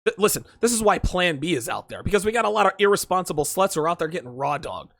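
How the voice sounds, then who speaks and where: On his own livestream, a man rambles through a crude, profane dating-advice monologue, hammering his points home by repeating them. His high, gravelly, slightly bright voice swings widely in pitch with lively intonation, and he talks fast. The recording is dry and close, with no room sound.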